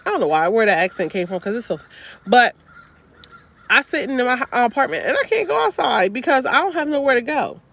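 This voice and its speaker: A woman's voice: on the high side, very animated, brisk, a bit bright. A woman vlogging from a parked car into a handheld phone, giving upbeat, repetitive, slangy encouragement. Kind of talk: motivational casual talk to camera.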